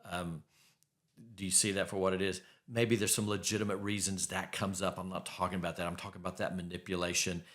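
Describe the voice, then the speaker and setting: A middle-aged man with a lowish voice talks straight to his podcast listeners about their personal lives. He is blunt and emphatic and drives each point home by repeating it. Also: little pitch movement, fairly quick, fairly bright tone. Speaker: podcast host. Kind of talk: faith-based advice podcast monologue.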